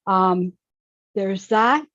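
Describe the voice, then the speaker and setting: Slow-talking blunt woman on a call. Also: medium pitch, fairly bright tone, no room sound, dull audio. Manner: blunt and outspoken. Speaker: panelist. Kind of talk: opinionated remarks.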